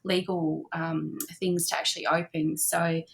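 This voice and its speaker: A woman's voice: on the low side, flat delivery, a little slow, creaky, husky. A middle-aged woman chatting as a guest in an interview, talking about her shop with plenty of fillers. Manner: warm, chatty, frequent fillers and laughs. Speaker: guest, boutique owner. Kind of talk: casual conversational interview. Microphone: remote call.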